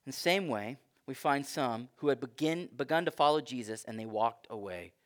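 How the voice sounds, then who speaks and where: A man's voice: medium pitch, lively intonation, moderate pace. A man preaching a sermon in a conversational, emphatic way. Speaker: pastor.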